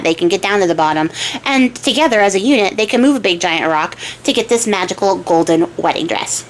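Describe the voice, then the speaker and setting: While crafting on her channel, a young woman tells a folktale in a relaxed way, giggling often and drifting into chatty asides. Her voice is mid-range, with a little hiss or hum in the recording.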